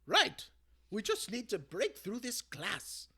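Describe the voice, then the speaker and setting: A man voicing a warm, cheeky elderly grandmother in a storybook read-aloud, mostly in a high whisper. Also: wildly swooping pitch, takes it slowly, breathy edge, full character voice. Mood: whispering urgently.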